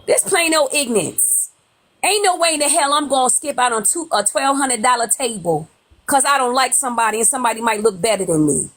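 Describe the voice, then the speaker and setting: Off camera at home, a New York woman hosts a livestream in a put-on Southern drawl, commenting bluntly and sassily on gossip from home and swearing freely. Her voice is high, a bit bright and a little fast, with lively intonation.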